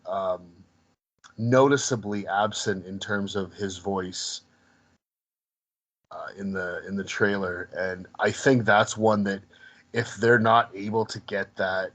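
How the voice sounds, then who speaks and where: A man's voice: lowish voice, low-quality recording. A man co-hosting a casual podcast, talking in a hesitant way with frequent restarts. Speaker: podcast co-host.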